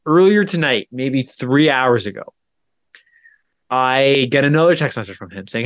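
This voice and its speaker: Animated man retelling a story. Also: medium pitch, normal speed, no echo, clean studio sound. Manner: animated retelling, acts out both sides with repeated "I go". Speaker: podcast co-host. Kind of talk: casual storytelling chat.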